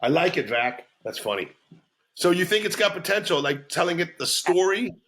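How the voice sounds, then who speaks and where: Bright-voiced man agreeing between laughs. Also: sits high, big pitch swings. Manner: quick agreeing "yeah"s, bursts of laughter, stammered restarts. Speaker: comedian, podcast co-host. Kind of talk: casual comedy brainstorm chat.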